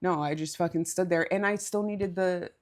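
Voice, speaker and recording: A woman's voice: on the low side, steady tone, moderate pace. A woman co-hosting a podcast, telling a story in a candid, casual way, swearing and laughing as she goes. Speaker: podcast co-host.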